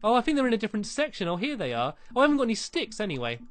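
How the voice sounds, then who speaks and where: A let's-play creator giving casual, chatty commentary while building in a game, playful and teasing, often breaking into excited squeals. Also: mid-range voice, very fast, no room sound.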